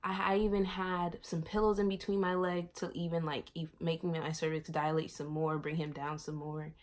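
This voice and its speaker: Animated young woman from Miami. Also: normal speed. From Miami, USA. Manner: animated, acts out quoted lines with big swings in pitch and volume. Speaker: vlogger. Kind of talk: casual storytelling. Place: bedroom, sitting on her bed.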